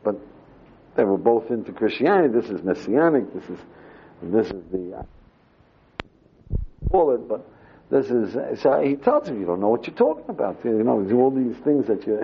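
An older man, a rabbi, telling a story with lively acted-out dialogue, on a dull lo-fi recording. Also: medium pitch, slight background noise. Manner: animated storyteller acting out dialogue. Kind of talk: storytelling talk. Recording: dull lo-fi recording with faint ambience.

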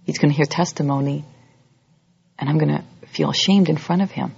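Religious teacher, sermon, husky voice, animated storyteller, lo-fi dry recording. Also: mid-range voice, a little fast, no echo. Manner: lively, acts out everyday scenes in other voices. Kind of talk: holiday sermon to a congregation.

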